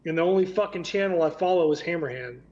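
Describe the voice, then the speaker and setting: A man's voice: fairly high pitch, fast, a little mellow, highs cut off. A man hosting a casual live stream chat, blunt and swearing freely on an online call.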